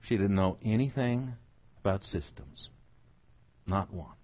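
Husky-voiced man preaching a sermon. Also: fairly low pitch, animated, a little slow, dull audio. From United States. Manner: emphatic, swings from soft to loud.

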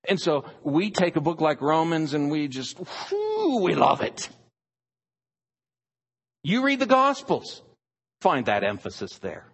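A man's voice: fairly high pitch, very animated, slow, pauses often, a bit bright, husky, big-room sound. A man preaching a sermon, emphatic and stressing single words.

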